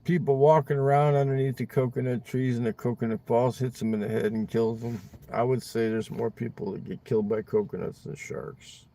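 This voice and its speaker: Gravelly rambling man talking in his car. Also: medium pitch, flat delivery, brisk, few pauses, dark tone. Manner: rambling, drawling, swears a lot, ends lines with "man". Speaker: livestream host. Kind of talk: casual chat with viewers. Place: inside a parked car.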